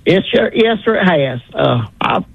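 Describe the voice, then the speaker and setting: A man's voice: a little high, expressive, measured pace, gravelly, dry recording. An older man calling in to a radio show, speaking politely and saying "sir". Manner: polite, says "yes, sir". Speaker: caller. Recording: tinny phone line.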